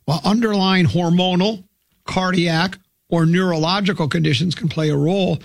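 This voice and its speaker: A man's voice: sits high, fairly even intonation, moderate pace, creaky, no room sound. A man hosting a radio talk show, reading health news aloud and breaking off for jokes. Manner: wisecracking, reads news items aloud with asides. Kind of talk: jokey morning show banter.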